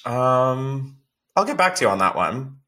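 A man hosting a casual podcast chat, his voice bright and forward. He laughs often, swears freely, and tells stories with lively energy. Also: medium pitch, a little slow. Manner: laughs a lot, swears, animated storytelling. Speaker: podcast host.

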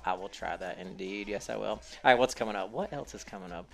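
A man's voice: fairly low pitch, fast, vocal fry, fairly bright tone. A male podcast host with a slight cold, chewing gum, reading news items in a casual, playful way with jokey asides.

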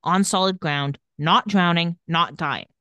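A woman's voice: lowish voice, a little slow, pushed and bright, dry recording. A woman co-hosting a casual podcast, retelling scenes and quoting characters' lines, laughing often. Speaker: podcast co-host recapping a TV episode. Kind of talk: casual chat.

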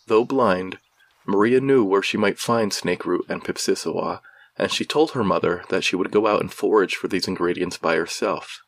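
A man narrating a regional ghost legend in a measured, somber storytelling style. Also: deep voice, gravelly.

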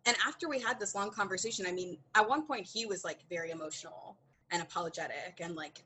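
A woman's voice: lowish voice, fast, a little hiss or hum, rough recording. A woman as a podcast guest, telling a candid story with lots of acted-out dialogue and frequent laughter. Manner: animated, acts out quoted dialogue, laughs often.

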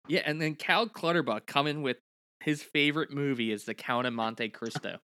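Bright-voiced man chatting on a podcast. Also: medium pitch, normal speed. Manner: laughs easily, chatty. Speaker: podcast co-host. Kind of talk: casual chat.

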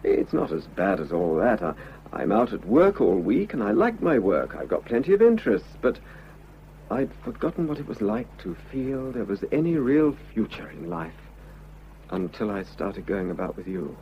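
An actor playing an unhappily married man who confesses his love, earnest and halting, in a vintage radio drama. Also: lowish voice, sing-song, slight background noise. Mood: earnest pleading. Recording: dull lo-fi old radio recording.

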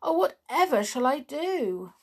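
A woman putting on a kind little sailor doll, a toy boy who frets in a raised, earnest voice. He speaks slowly, like in a bedtime storybook. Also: high voice, very animated, a little mellow, pitched above the performer's own voice, full character voice. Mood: worried.

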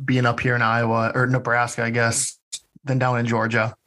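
A man's voice: medium pitch, monotone, normal speed, pushed and bright, low-quality recording. Easygoing guy hosting a wrestling chat, friendly, laughs a lot. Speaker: podcast interviewer. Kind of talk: casual interview chat.

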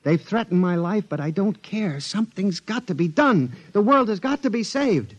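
An actor playing a paranoid male engineer convinced machines are alive, pleading and then shouting in a 1950s radio drama. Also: high-pitched, expressive, normal speed. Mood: urgent pleading. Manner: pleading, rising to frantic shouts. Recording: dull old radio recording.

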